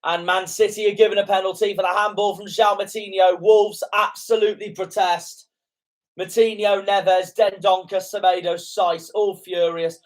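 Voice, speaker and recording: Providing live fan reaction commentary on a football match, a young man speaks at a moderate pace in a steady tone. His voice is a touch higher than most men's, and he gets indignant and swears at calls he thinks are wrong.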